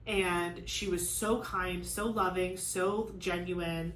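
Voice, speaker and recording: This woman speaks slowly in a lowish, a bit bright voice with fairly even intonation as she hosts a crafting vlog. She rambles casually, venting frustration and saying "like" constantly, in an echoey room with faint ambience and a slight hiss or hum.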